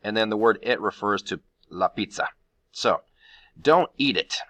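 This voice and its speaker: A man teaching a Spanish grammar lesson, walking through the steps of each rule with frequent fillers and pauses. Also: on the low side, lively intonation, a bit bright.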